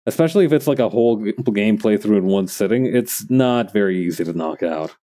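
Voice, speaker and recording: A man's voice: lowish voice, lively intonation, a little fast, mellow. A man streaming while he crafts, chatting casually and thinking aloud to his viewers in a rambling way.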